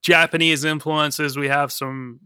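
A man's voice: a little high, flat delivery, unhurried, bright, forceful tone, clean tone, no room sound, clean studio sound. A man hosting a film podcast in casual chat, teasing and bantering with his co-host.

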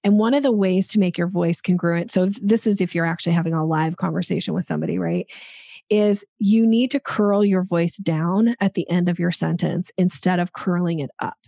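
A woman's voice: fairly low pitch, steady tone, brisk, vocal fry, dark tone, no echo, clean studio sound. A woman sales coach giving emphatic conversational advice on an interview, acting out examples of tone.

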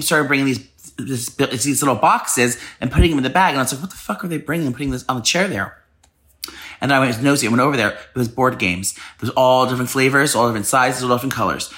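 Casting: male podcast co-host, quick rambling storyteller, bright voice. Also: medium pitch. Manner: rambling storytelling with lots of swearing and restarts. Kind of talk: casual chat.

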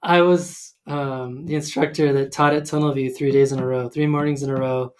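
A man's voice: medium pitch, level tone, normal speed, clear, resonant tone. A man in casual conversation, talking hesitantly with many ums and restarts. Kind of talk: casual chat.

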